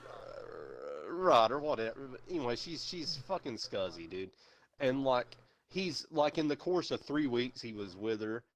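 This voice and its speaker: A man's voice: medium pitch, sing-song, measured pace, a little hiss or hum. A young man streaming, telling a long story in casual chat, rambling and swearing with lots of fillers. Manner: rambling, profane, many fillers.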